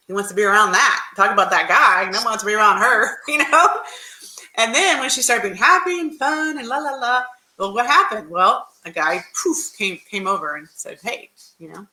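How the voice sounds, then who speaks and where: A woman's voice: mid-range voice, pushed and bright. Chatty woman dating coach, echoey room. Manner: chatty, rambling, many restarts and fillers. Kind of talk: livestream storytelling.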